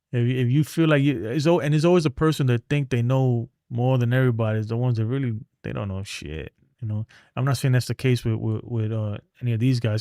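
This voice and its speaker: A man's voice: medium pitch, dark tone, no room sound, studio quality. A middle-aged man, ranting bluntly and rambling in a casual livestream, trailing off into mumbles. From New York. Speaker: sports streamer.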